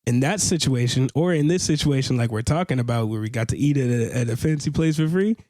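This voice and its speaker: A man co-hosting a podcast in casual chat, animated and jokey with slangy talk. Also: medium pitch, fast talker, dry recording, clean studio sound. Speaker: podcast co-host.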